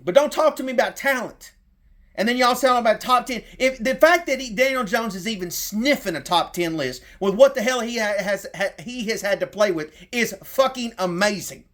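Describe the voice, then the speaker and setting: A man's voice: very high voice, moderate pace, a bit bright. A middle-aged man with a Southern accent delivering a heated, profane sports rant as a fan content creator.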